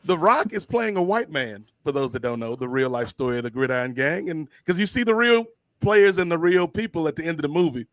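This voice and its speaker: A man hosting a casual podcast chat, retelling movie scenes in an animated, storytelling way. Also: fairly high pitch, a little fast, no room sound, studio quality. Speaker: podcast host.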